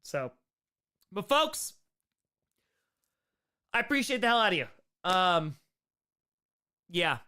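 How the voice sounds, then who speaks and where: A man's voice: sits high, big pitch swings, takes it slowly, pauses often, sharp tone, clear, resonant tone. A man hosting a casual live-stream Q&A, upbeat and rambling, thanking viewers by name, his voice a bit worn from hours of talking. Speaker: live-stream host answering chat questions.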